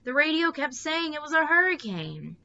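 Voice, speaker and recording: A woman voicing an anxious teenage girl who wails and frets in a shrill voice. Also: sing-song, normal speed, sharp tone, dull audio. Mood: nervous. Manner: wailing, shrill.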